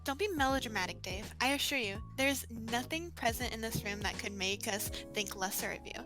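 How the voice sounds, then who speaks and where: A woman's voice: on the high side, brisk, over music, natural voice. A woman voicing a prim, sardonic teenage girl who speaks in a formal, dry way.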